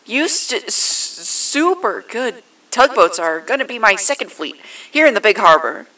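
A woman voicing Mister Zero, an odd male car who speaks through a megaphone, halting and stammering, heard from a distance. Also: medium pitch, expressive, bright, forceful tone. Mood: flustered.

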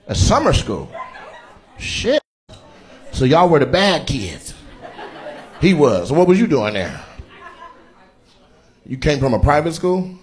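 Roasting the crowd with brash, profane teasing, a male stand-up comic works a live audience at a comedy venue, drawing laughter and cheers. He sounds a little high-pitched and very animated, yet speaks slowly and pauses often.

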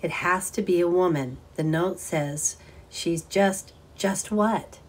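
An eager boy sleuth, played by a woman reading aloud, keeps pushing with urgent, insistent questions. The tone lifts above the low narrating voice and presses forward with storybook energy. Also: slow. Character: eager, persistent boy detective.

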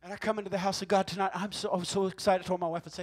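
Man, high-pitched pastor, Pentecostal sermon, folksy and joking, hushed asides, emphatic shouting. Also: flat delivery, very fast. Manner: conversational preaching that swings from hushed asides to loud emphatic shouts.

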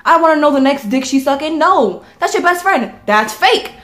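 A young woman talking to camera in a casual vlog. Her voice sits high, and she speaks in a blunt, profane, ranting way. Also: animated, moderate pace, fairly bright tone. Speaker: vlogger. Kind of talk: casual chat.

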